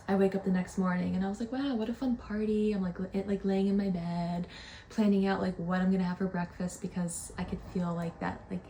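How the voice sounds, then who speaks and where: A woman's voice: fairly low pitch, gravelly. A young adult woman hosting a podcast, telling a rambling story in a casual, chatty way with many fillers, sometimes dropping into a whisper. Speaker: podcast host.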